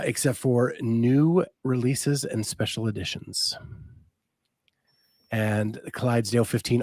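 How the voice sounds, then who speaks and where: A male podcast host in casual conversation, chatty and relaxed, stopping often on ums. His voice sits at an ordinary middle pitch. The sound is dry and close, with no room around it. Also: no echo. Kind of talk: casual chat and sponsor reads.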